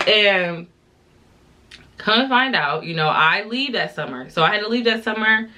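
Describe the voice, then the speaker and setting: A woman's voice: medium pitch, lively intonation, normal speed, bright, forceful tone. A woman in her twenties, a little drunk, chatting to viewers in a casual, exasperated, slangy storytime vlog. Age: 20s. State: tipsy from drinking. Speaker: vlogger. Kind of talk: casual storytime while doing makeup.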